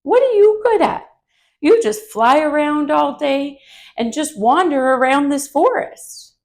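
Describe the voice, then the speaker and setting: A vain male skunk from a children's yoga story, played by a woman, bragging and sneering. His voice sits high and carries a gravelly rasp. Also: lively intonation, measured pace, a little mellow. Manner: boastful, sneering.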